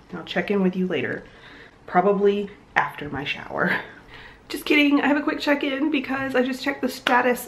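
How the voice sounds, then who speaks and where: A young woman chatting casually and upbeat in a home vlog, thinking aloud as she goes. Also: mid-range voice. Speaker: vlogger. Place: home room. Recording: echoey room, faint noise.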